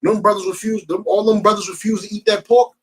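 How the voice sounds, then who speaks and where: A man's voice: sits high, steady tone, quick pace, slight background noise, low-quality recording. A man with a New Jersey accent preaching to a group in an emphatic, streetwise, slangy way.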